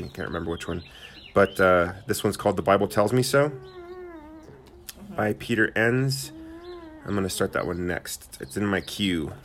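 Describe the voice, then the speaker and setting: Deep-voiced man chatting casually. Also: fairly bright tone, a little hiss or hum. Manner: rambling, hesitant, dry sarcasm. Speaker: podcast co-host. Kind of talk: casual chat.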